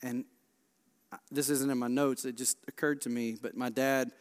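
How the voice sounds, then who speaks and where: A Baptist pastor, preaching a sermon with passion, swinging from hushed to loud. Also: male voice, medium pitch, little pitch movement, moderate pace, clear, resonant tone. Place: large church sanctuary. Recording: long church reverb.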